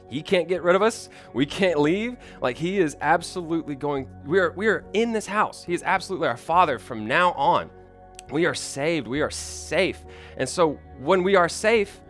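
A man's voice: fairly high pitch, fairly bright tone. A young man preaching a sermon, earnest and personal, often restarting his sentences. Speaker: pastor.

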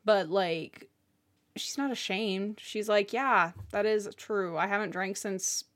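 A woman's voice: medium pitch, slow, a bit bright. A woman co-hosting a podcast, chatting casually and emphatically about a romance novel. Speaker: podcast co-host. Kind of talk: casual book recap chat.

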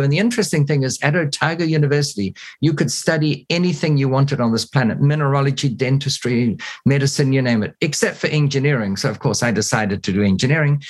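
A man with a New Zealand accent and a slightly husky voice answers interview questions. He tells wry, anecdotal stories in an easy, relaxed way. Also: mid-range voice. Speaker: guest, real estate investor.

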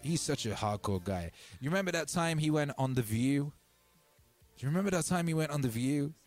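A man's voice: on the high side, lively intonation, a little fast, faint music behind. A man hosting a livestream, chatting casually in a laid-back, slangy, rambling way. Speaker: livestream host.

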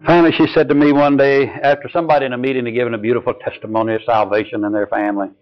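Older man preaching, earnest and slow, mid-pitched, muffled lo-fi recording. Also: flat delivery. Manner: slow, earnest, drops to a soft low voice on key lines. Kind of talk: sermon with personal stories. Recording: dull lo-fi recording.

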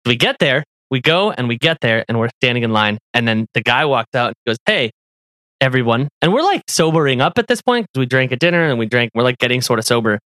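A man's voice: medium pitch, very animated, fast talker, few pauses, a bit bright, no echo, studio quality. A man co-hosting a podcast, telling a story in casual chat, laughing often and acting out the people he quotes. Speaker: podcast co-host.

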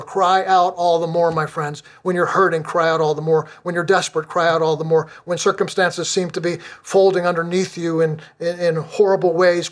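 A middle-aged male pastor preaching a sermon, earnest and deliberate, repeating phrases for emphasis. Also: a little high.

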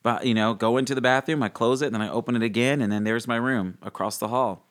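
Young male guest, excitable storyteller who jumps into a high voice for quotes and laughs a lot. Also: quick pace. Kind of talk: animated faith testimony in an interview.

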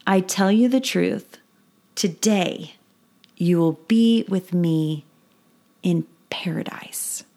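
A calm, gentle Jesus, read by a woman in a kids' Bible story, speaking softly and hushed. The voice is slow and unhurried. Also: lowish voice.

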